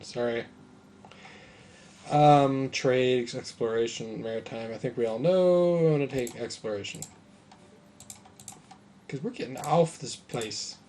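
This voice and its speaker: A man's voice: mid-range voice, a little slow, pauses often, mellow, slight background noise. A man casually commenting on a strategy game as he plays, thinking aloud with mild sarcasm. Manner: musing aloud, mildly sarcastic. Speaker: gameplay commentator.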